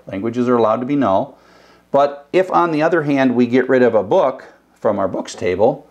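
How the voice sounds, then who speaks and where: An older man teaches web programming in a recorded lecture, explaining casually, thinking aloud and restarting his sentences. His voice sits in the mid range with a darkish tone.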